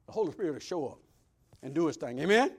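A man preaching a sermon, swinging between loud preaching and hushed asides. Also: fairly high pitch, lively intonation, fast talker, vocal fry, husky. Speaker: pastor.

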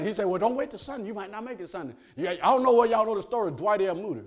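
High-voiced older preacher. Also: male voice, expressive, very fast. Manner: call-and-response preaching, rising to shouts. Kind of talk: sermon.

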